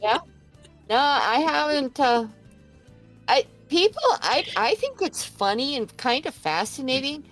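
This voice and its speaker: Older woman, podcast guest, casual chat, frank, unhurried. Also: high voice, animated, fairly bright tone, soft background music.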